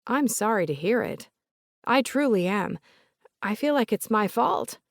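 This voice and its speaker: A woman voicing an older woman with a soft Southern accent, polite and remorseful, recalling family memories in a gentle, chatty way. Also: medium pitch, expressive, a little slow, vocal fry, no echo, clean studio sound, voice pushed up.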